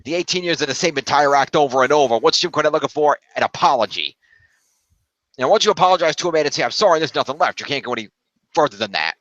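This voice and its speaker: A man from New York co-hosting a casual podcast chat, quick and self-deprecating with easy laughs. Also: on the high side, animated, a bit bright, dry recording, muffled recording. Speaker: podcast co-host.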